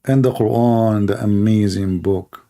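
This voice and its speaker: Gravelly, dark-voiced man hosting a livestream. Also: fairly low pitch, fairly even intonation. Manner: mocking, laughing at callers; repeats words in quick bursts. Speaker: livestream host taking calls. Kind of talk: casual livestream talk.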